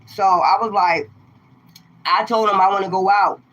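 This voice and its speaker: A woman tarot reader telling viewers a personal story in a casual, emphatic, animated way. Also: medium pitch, normal speed, dull audio, slight background noise.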